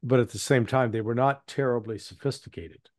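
Interviewed as an analyst, a man gives casual spoken commentary, blunt and rambling, with frequent restarts, fillers, and self-corrections. His medium-pitched voice moves fairly quickly. The recording is dry and studio quality.

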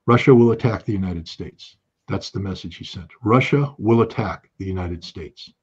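A man giving an impassioned political monologue as a show host, emphatic and repetitive, with bursts of forceful insistence. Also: sits low, moderate pace, breathy edge, lo-fi sound. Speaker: political commentator.

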